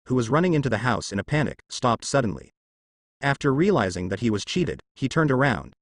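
A man narrating a translated fan-fiction story at a steady, even reading pace. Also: mid-range voice, no room sound, studio quality.

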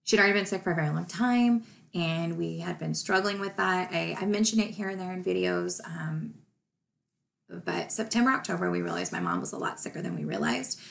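Speaking fairly quickly in a lowish, creaky voice, this woman in her thirties, who makes true crime videos on YouTube, addresses her viewers in a personal vlog. She's animated and emotional, laughing even as she grieves.

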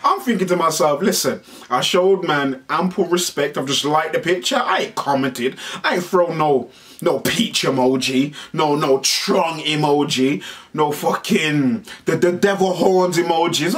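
A man hosting a vlog, telling a story in an animated, slangy way and swearing freely. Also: fairly high pitch, measured pace. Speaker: vlog host. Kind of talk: casual storytelling monologue. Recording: voice a bit far from the mic.

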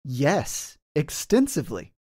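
A man voicing a cloaked forest warden who haggles smoothly and lectures pedantically about his dog. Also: fairly high pitch, wildly swooping pitch, slow pace, dark tone, full character voice. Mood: smug haggling. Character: cloaked male forest warden with a mastiff, smug.

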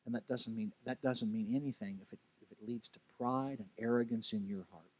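A man preaching as a guest speaker at a church, telling a story with lively, animated delivery. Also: a little fast. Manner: animated storytelling, acts out characters' quotes with big pitch jumps. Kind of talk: sermon.

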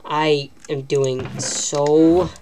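Low-voiced woman joking over gameplay. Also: steady tone, extremely slow, background noise. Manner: joking, self-mocking, talking to herself. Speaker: gaming channel host. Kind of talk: live gameplay commentary.

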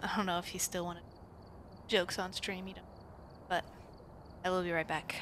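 A woman streamer chatting casually with friends during an online game, playful and quick to laugh. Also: on the low side, level tone, fairly bright tone, slight background noise. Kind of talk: casual chat while gaming.

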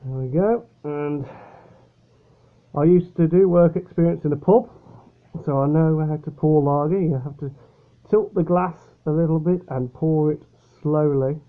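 Unhurried and fairly high-pitched, a young man chats his way through a casual at-home beer review for a product vlog. He rambles and keeps correcting himself, and the sound is tinny, as if from a phone.

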